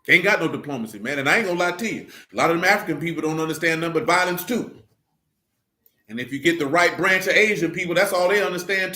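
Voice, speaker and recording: A man's voice: fairly high pitch, pushed and bright. A man talking in a casual, preaching way, emphatic and fond of rhetorical questions. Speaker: religious discussion leader. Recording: echoey room.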